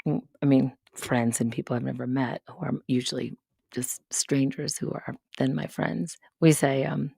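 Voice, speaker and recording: A woman live-streaming a casual monologue, sarcastic and rambling, swearing often and breaking into quick asides. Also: extremely low pitch, steady tone, creaky, mellow, husky, no echo, studio quality. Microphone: studio mic up close.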